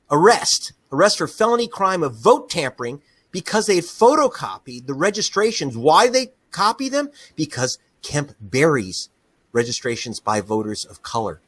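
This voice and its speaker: A man's voice: fairly high pitch, no room sound. A middle-aged man being interviewed as a journalist, talking with passion and indignation and laughing often. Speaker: investigative journalist, guest. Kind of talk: animated interview talk.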